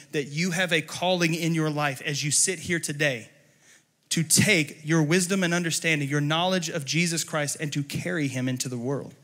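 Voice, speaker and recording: Man, pastor, church sermon, high voice, passionate, builds to shouting. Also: big-room sound. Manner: passionate, often rising to shouting. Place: church service.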